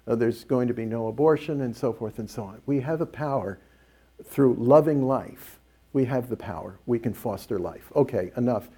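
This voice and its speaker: Mellow-voiced priest telling a story. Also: male voice, mid-range voice, normal speed, husky. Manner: animated storyteller who acts out quoted dialogue. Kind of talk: storytelling and teaching on a panel.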